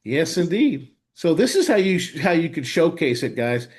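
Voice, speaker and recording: A man's voice: on the high side, big pitch swings, normal speed, a little mellow, slightly rough. A man hosting a live online webinar demo, talking with enthusiasm and often checking in with "right?". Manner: enthusiastic, frequent "right?" tags. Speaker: host.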